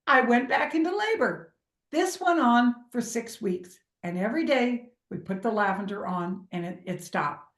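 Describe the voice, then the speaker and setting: Expressive woman, middle-aged, personal storytelling, slightly high voice, echoey room. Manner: expressive, acts out quoted voices. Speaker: speaker sharing a personal story.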